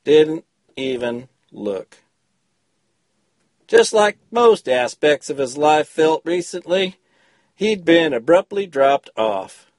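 A man's voice: a little high, big pitch swings, takes it slowly, pauses often, no room sound, studio quality. A man recording himself on a phone, reading his short story after a chatty intro. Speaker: story contributor.

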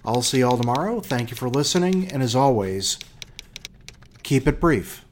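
A man narrating a short story with slow, deliberate pacing and pointed pauses between phrases. His pitch rises and falls expressively across each line. Faint keyboard clicks tick away in the background. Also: very animated, noisy background. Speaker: podcast host and story reader.

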